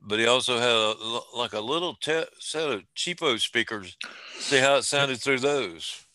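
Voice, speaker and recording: A man's voice: mid-range voice, normal speed, sharp tone, no room sound. A man hosting a casual chat show, rambling along with lots of fillers and restarts. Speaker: podcast host.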